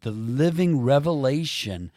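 A man hosting a faith conversation, reading quotes slowly and emphatically like a preacher. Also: medium pitch, animated, mellow, no room sound, studio quality. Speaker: podcast host.

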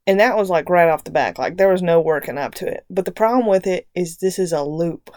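A woman's voice: on the low side, a little fast, darkish tone, no echo. A woman co-hosting a podcast in casual chat, blunt and teasing, recorded close on a dry mic. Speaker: podcast co-host.

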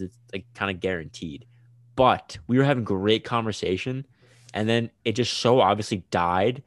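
A young college-age man with a lowish voice rambles through casual chat, tossing in "dude" and "like". The sound is close and dry, with no room echo. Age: young adult. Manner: chatty, rambling, "dude" and "like" fillers.

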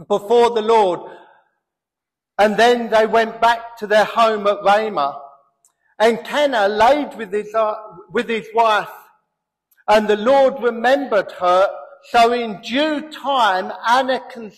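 A pastor preaching a sermon in an animated way, breaking into comic voices and building to loud emphasis. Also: male voice, very high-pitched. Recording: long hall reverb.

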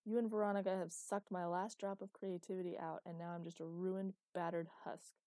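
A woman's voice: fairly low pitch, flat delivery, a little fast, warm tone, no echo, lightly acted. A woman voicing a petulant, melodramatic young woman writer in an audiobook, whiny and sulky.

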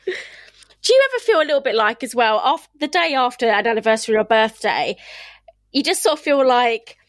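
A woman's voice: a little high, very animated, normal speed, dry recording, clean studio sound. Candid woman hosting a podcast. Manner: candid, laughs often while talking. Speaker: podcast host. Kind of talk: casual chat.

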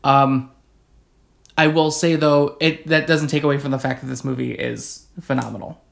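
A woman with a very low voice and a gravelly, fried edge chats about films as a podcast co-host. She is enthusiastic and emphatic, often chiming in to agree. Her talk is loose and conversational. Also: steady tone, normal speed. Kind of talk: casual movie chat.

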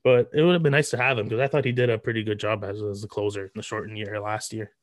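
A man hosting a sports podcast, chatting casually with halting speech and many fillers. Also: on the low side, steady tone, dry recording, studio quality. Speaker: podcast host.

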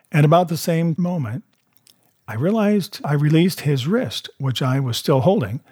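A man narrating a novel aloud in a steady, measured way. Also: a little high, husky, no room sound, clean studio sound.

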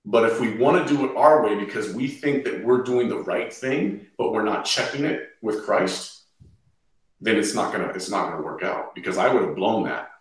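A man's voice: fairly low pitch, expressive, normal speed. A man, a podcast guest, earnestly sharing his faith and quoting scripture freely in conversation. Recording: echoey, distant from the mic.

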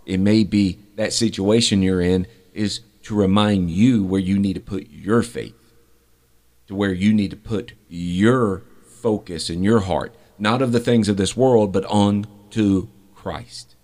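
A middle-aged man hosting a podcast, telling a faith story from his fire service days in an earnest, unhurried way. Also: lowish voice, fairly even intonation, darkish tone. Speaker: podcast host. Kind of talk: faith testimony, podcast monologue.

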